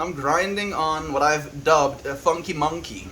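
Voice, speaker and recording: A South African man chatting on a livestream, soft-spoken and reflective, reading viewers' messages aloud. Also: a little high, measured pace, a little hiss or hum. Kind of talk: casual livestream chat.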